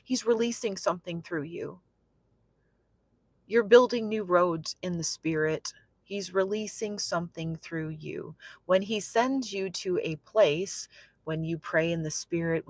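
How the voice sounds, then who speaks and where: A woman minister preaching through a personal story, chatty and repetitive, swinging from soft musing to loud, excited exclamation. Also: lowish voice, unhurried, no room sound. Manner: repeats phrases for emphasis. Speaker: prophetic minister.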